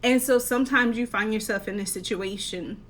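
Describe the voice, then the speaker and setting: A woman life coach giving an earnest, encouraging talk, posing rhetorical questions with measured, deliberate delivery. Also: fairly high pitch, a bit bright, slight background noise. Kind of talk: motivational talk to camera.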